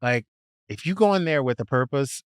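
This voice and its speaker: An animated man in his thirties tells stories as a podcast guest, throwing his voice up and down to play the people in them. His pitch sits in the middle range. The sound is dry and close, with no room around it. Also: moderate pace, clear, resonant tone, no room sound. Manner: animated, acts out quoted people with big pitch jumps and whispers. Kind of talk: storytelling in casual chat.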